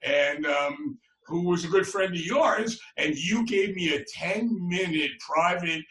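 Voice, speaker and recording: A man hosting a podcast interview, telling stories slowly with many fillers. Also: high-pitched, a bit bright, echoey room, slight background noise. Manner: rambling storyteller with many fillers. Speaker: podcast host. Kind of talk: conversational interview.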